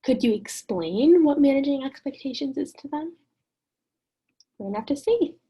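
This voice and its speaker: A woman teaching an online lesson in a gentle, encouraging way, often putting questions to the listener. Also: sits high, animated, moderate pace.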